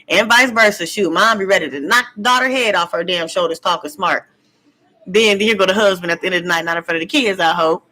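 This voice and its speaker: Over a rough recording, a woman with a medium-pitched voice talks fairly quickly on her tarot livestream. A tarot reader and vlogger, she's at home cooking, loud and laughing often as she acts out voices and uses slang.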